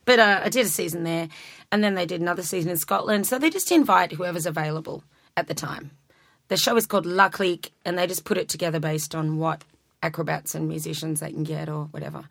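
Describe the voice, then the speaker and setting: A woman's voice: on the low side, steady tone, quick pace, gravelly, a bit bright, dry recording, clean studio sound. An Australian woman, a musician, chatting casually, laughing often and swearing freely. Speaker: musician guest. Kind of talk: casual chat.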